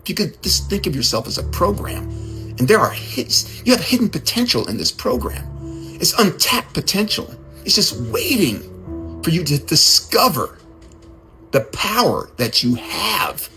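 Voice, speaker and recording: A man giving a casual, conversational sermon, animated and given to repeating his words. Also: on the high side, measured pace, soft background music. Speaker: speaker.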